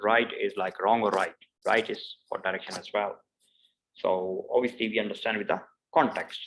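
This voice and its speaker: A man's voice: on the low side, steady tone, background noise. A man teaching a pronunciation lesson, repeating example words several times and explaining patiently. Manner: slow, repeats each word several times; explains patiently with many "obviously" and "uh".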